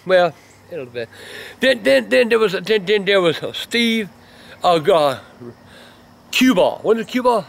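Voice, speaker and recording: Older man, high-pitched, cranky, profane, rambling, casual storytelling. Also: very animated, normal speed, gravelly, pauses often. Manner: profane, rambling and cantankerous, snapping at his son. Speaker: grandfather telling family stories.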